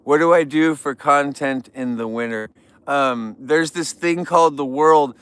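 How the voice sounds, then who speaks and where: This livestream host from California has a voice on the high side, a bit bright and clean, speaking at a moderate pace in a dry recording. Tired but chatty, he jokes with and greets viewers as he trims flowers.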